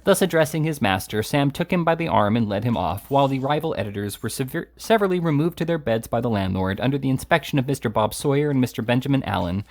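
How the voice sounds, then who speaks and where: A man reading a classic novel aloud at a steady pace, with occasional stumbles. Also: mid-range voice, fast talker, few pauses. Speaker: reader.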